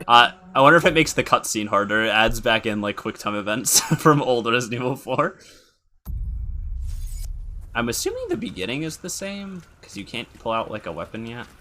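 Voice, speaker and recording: A man's voice: medium pitch, sing-song, normal speed, pushed and bright, a little hiss or hum. A man streaming a horror game, chatting casually, giggling and thinking aloud as he plays. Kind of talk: casual live-stream chat.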